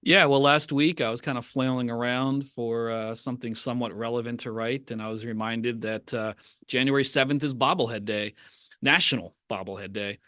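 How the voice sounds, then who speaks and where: A man's voice: mid-range voice, fairly even intonation, moderate pace, pushed and bright, dry recording, studio quality. A man co-hosting a podcast, chatting casually in a rambling way with many fillers and restarts. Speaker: podcast co-host, writer. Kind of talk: casual chat.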